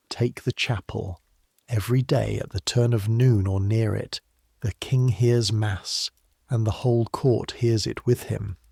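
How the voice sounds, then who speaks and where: A man with a low, gravelly voice reads a bedtime history story aloud, speaking to the listener as "you". His delivery is slow and soft, with quiet hushed asides, and the recording is close and dry with no room sound. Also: no room sound. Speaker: narrator. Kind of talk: scripted bedtime history narration in second person.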